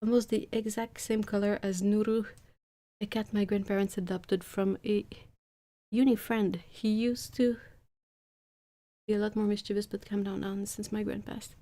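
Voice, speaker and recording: A woman's voice: medium pitch, level tone, moderate pace, mellow. A woman chatting casually on a live stream from her home painting desk, rambling with frequent restarts. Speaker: art streamer.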